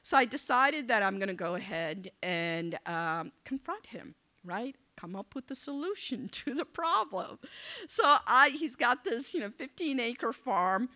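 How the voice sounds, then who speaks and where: A woman giving a motivational speech to young people, telling a story in an animated, conversational way and acting out the dialogue. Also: a little high, measured pace. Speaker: keynote speaker. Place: event venue.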